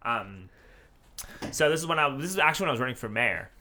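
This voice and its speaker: Bright-voiced man telling a rambling story. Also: mid-range voice, animated, fast talker. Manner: rambling, profane, restarts a lot. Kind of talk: casual storytelling chat.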